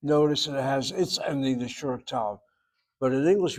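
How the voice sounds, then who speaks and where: A man teaching a Hebrew grammar lesson, explaining patiently and repeating words slowly to show how they sound. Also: mid-range voice, darkish tone, rough recording. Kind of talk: classroom grammar lecture.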